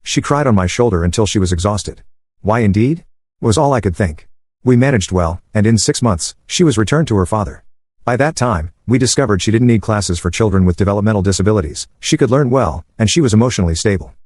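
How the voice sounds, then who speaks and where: Narrator: man, lowish voice, steady even read, dry close sound. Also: brisk, no room sound. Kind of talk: scripted storytime narration.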